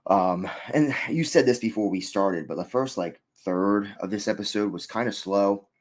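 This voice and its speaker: A man's voice: fairly low pitch, moderate pace. A man co-hosting a casual review chat, rambling with many fillers and restarts. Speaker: co-host reviewing an episode.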